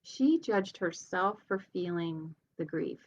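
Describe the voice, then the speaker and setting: A woman with a low, gravelly voice gives an earnest motivational talk in a conversational way, as a healer and coach. The sound is dull and lo-fi. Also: animated, takes it slowly. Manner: earnest, conversational, laughs lightly.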